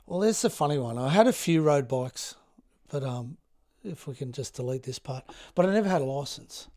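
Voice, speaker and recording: A man in his fifties with an Australian accent, a guest telling stories in a relaxed, halting way, full of fillers. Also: medium pitch. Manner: laid-back, many fillers and restarts, acts out others' lines. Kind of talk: casual storytelling chat.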